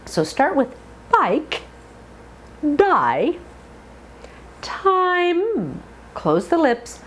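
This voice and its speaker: Woman accent coach, very slow, hugely swooping pitch, drills words, faint background hiss. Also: wildly swooping pitch. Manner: slow, drawn-out model words with coaching asides. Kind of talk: pronunciation drill lesson.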